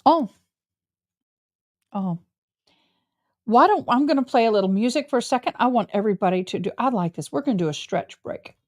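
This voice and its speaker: A woman's voice: on the high side, expressive, a little fast, pauses often, darkish tone, no echo. A middle-aged woman, chatting casually and personally to her livestream viewers. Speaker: livestream host.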